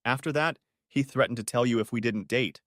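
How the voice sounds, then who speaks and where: A man's voice: mid-range voice, brisk, fairly bright tone, no room sound, studio quality, natural voice. A man voicing a remorseful middle-aged wife who sobs and pleads as she talks. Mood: tearful. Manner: tearful, pleading, whimpering.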